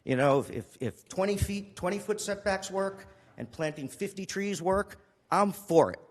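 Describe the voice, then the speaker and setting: A city councilor speaking with emotion and frequent restarts during a council meeting. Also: male voice, high voice, animated, normal speed, big-room sound. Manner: emotional, pleading, with restarts and repetition. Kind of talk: impassioned council meeting speech. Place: council chamber.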